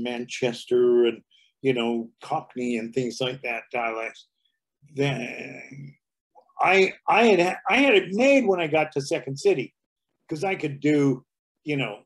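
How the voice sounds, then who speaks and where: A man in his seventies, a guest comedian telling anecdotes in a casual interview, slipping into dialect impressions. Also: on the high side. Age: 70s.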